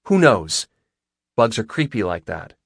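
Shy young woman in an audiobook, hushed and tender, voiced by a male narrator. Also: lowish voice, big pitch swings, measured pace, vocal fry, slightly rough, no room sound, clean studio sound, full character voice. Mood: playful squeal. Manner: soft, hushed and wondering. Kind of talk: audiobook character voice.

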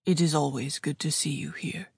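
A woman voicing a gentle Amish farmer man with a slight German accent, speaking in a firm, measured way. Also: low voice, steady tone, vocal fry, slightly rough, dry recording, exaggerated voice. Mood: steady.

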